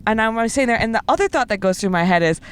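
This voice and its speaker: Lively, smooth-voiced young woman podcaster. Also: fairly high pitch, very fast. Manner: animated storytelling, many fillers. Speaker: podcast co-host. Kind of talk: casual chat.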